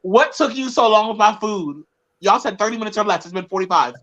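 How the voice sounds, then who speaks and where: A man's voice: high-pitched, lively intonation, brisk, sharp tone, muffled recording, a little hiss or hum. A man co-hosting a podcast in casual chat, playful and giggly, acting out little scenes. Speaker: podcast co-host.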